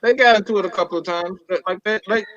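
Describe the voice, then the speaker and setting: A man hosting a podcast in casual chat, animated and asking probing questions. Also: high-pitched, fast talker, faint music behind. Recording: dull lo-fi recording.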